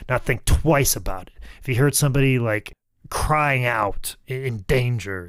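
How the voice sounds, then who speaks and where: A man's voice: mid-range voice, fairly bright tone, no echo, clean studio sound. A man co-hosting a podcast, telling stories casually, swearing freely and acting out quotes. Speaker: podcast co-host. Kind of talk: casual storytelling chat.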